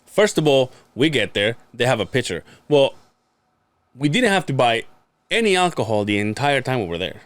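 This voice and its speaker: A man's voice: mid-range voice, sing-song, normal speed, no echo. A man, a podcast co-host, telling a story in casual chat, acting out quotes, laughing and swearing freely.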